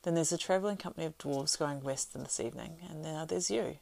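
A woman voicing a fat, bustling middle-aged male innkeeper who chatters loudly and fussily, in a story reading. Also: sits low, vocal fry, no room sound. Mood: chatty. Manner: hurried, loud and fussy chatter.

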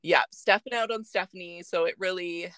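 A woman's voice: fairly low pitch, moderate pace, fairly bright tone, no echo. A young woman co-hosting a podcast in casual chat, laughing often and talking with many fillers. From Canada. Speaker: podcast co-host.

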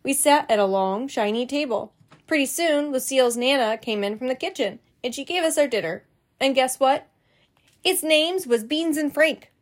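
High-voiced mom reading a storybook, gentle explanations for a kid. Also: female voice, expressive, moderate pace. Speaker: parent reading stories. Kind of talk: reading a children's book aloud.

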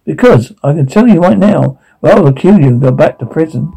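Man doing a menacing captor guard, dark audio drama, mocking, rage-prone, dark husky tone. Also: fairly high pitch, expressive, brisk, exaggerated voice, poor audio. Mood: taunting. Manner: taunting, mocking, veers into rage. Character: menacing obsessive male security guard captor.

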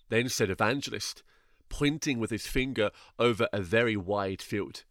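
A man narrating a classic allegory in a solemn, deliberate way. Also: lowish voice, a bit bright, no echo.

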